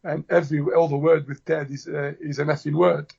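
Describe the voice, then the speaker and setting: Man from Tunisia, gravelly and husky, flat delivery, lots of uh and restarts, dull lo-fi audio. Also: fairly high pitch, fairly quick. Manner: hesitant, many fillers and restarts. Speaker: football manager. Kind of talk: relaxed interview chat.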